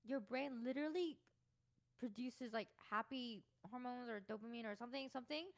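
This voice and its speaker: A young woman guesting on a casual podcast chat, excitable and teasing, with loud outbursts. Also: fairly high pitch, moderate pace. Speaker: guest streamer.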